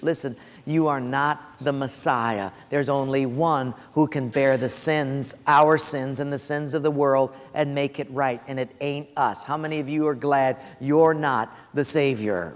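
Emphatic preacher in an echoing hall. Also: male voice, medium pitch. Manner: emphatic, repeats phrases for stress. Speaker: pastor. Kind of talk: sermon. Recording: long hall reverb.

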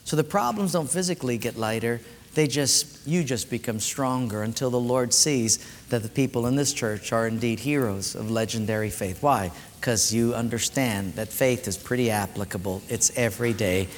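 A man preaching a sermon as pastor, earnest and exhorting, dropping low and soft for emphasis. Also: moderate pace. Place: church. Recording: reverberant church hall with faint music.

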